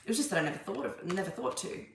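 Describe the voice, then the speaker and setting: A woman's voice: mid-range voice, animated, very fast, vocal fry. A young woman giving a casual tarot reading, chatty and rambling with many fillers and restarts. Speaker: tarot reader. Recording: echoey room, faint background noise.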